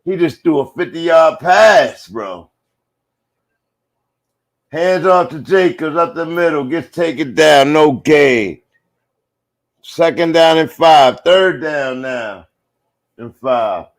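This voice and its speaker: A man giving casual live play-by-play commentary, talking straight to his viewers in slang and breaking into loud exclamations on big plays. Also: a little high, takes it slowly, long pauses.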